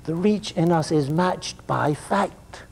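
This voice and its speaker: Mellow, joking male lecturer. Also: on the high side, takes it slowly, vocal fry, slightly rough. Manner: digressive, joking, conversational. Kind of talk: classroom lecture.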